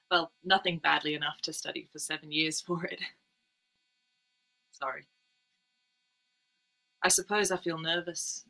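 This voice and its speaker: A young woman reading her own literary piece aloud in a measured, quiet first-person voice. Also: low-pitched, creaky, rough recording. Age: young adult.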